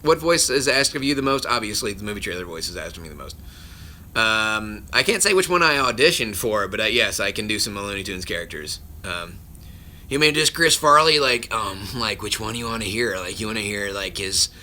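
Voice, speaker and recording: A man's voice: fairly low pitch, lively intonation, a little fast, sharp tone, slight background noise. A man, a voice actor, hosting a casual livestream from his phone at home and answering viewer questions in a rambling way, often cutting himself off and chuckling between answers. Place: at home with his children nearby.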